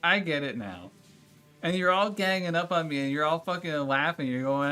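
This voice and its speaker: Soft music plays behind a man streaming a game, his fairly high voice expressive, pushed, bright, and clean-toned at a moderate pace. In casual chat with viewers, he rants in exasperation, swearing and arguing back at them.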